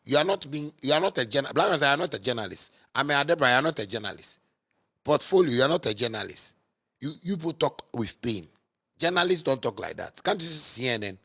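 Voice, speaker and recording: A man with a Ghanaian Pidgin English accent delivering a heated, scolding monologue that repeats and mocks, bursting into sudden loud outbursts. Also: medium pitch, sing-song, fast, creaky, slightly rough. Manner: repetitive and mocking. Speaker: musician. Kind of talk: ranting monologue.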